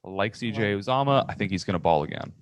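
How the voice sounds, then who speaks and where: He is a man with a lowish voice talking fantasy football picks in casual chat. He is steady and matter-of-fact, and he backs up each point with statistics. The recording is dry and close. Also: quick pace, no echo. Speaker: fantasy football podcast co-host. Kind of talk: casual sports analysis chat.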